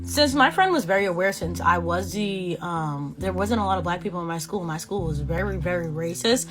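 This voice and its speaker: A woman in her twenties from Boston, telling a casual storytime vlog in a sassy, slangy, animated way. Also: on the low side, fairly quick, over music. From Boston, USA. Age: 20s. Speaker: beauty vlogger.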